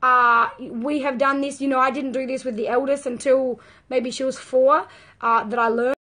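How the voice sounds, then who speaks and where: A woman's voice: sits high, steady tone, normal speed, sharp tone. A woman, talking earnestly and emphatically as a parenting coach in a live video chat with viewers.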